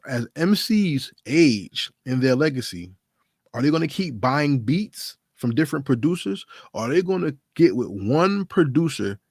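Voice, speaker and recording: A man's voice: medium pitch, dry recording, studio quality. A man hosting a hip-hop commentary channel, talking casually and emphatically to his viewers, with plenty of rhetorical questions. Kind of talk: casual solo commentary to camera.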